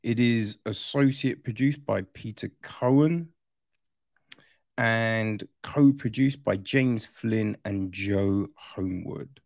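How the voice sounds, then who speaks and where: A man's voice: lowish voice, takes it slowly, vocal fry, a little mellow, no echo, clean studio sound. A man chatting casually through a film review, rambling and often tossing in "right?" as an aside.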